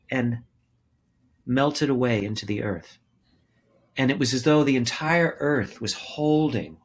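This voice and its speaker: A man in his sixties, a guest telling his story in a candid interview, impassioned and repeating words for emphasis, swearing freely. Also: mid-range voice. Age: 60s. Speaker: podcast guest, author and actor.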